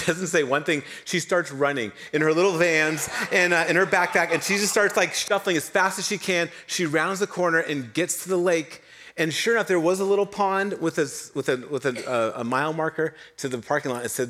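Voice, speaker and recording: A young adult man preaching a sermon, telling a personal story with animated, self-deprecating humor and frequent fillers. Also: on the high side, fairly quick. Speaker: pastor.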